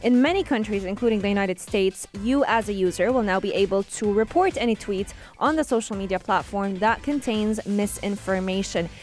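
Female radio co-host, relaxed news chat over a faint music bed. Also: medium pitch, a little fast, few pauses. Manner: conversational, explains with fillers.

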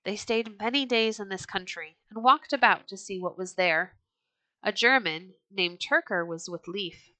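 Woman, storybook read-aloud, gentle, clear, bright voice, dry close sound. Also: medium pitch, unhurried, no echo, rough recording. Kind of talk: reading a children's storybook aloud.

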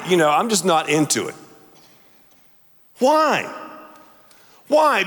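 A man's voice: high voice, pushed and bright. A middle-aged man preaching a sermon as a pastor, emphatic and repeating words for effect. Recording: long hall reverb.

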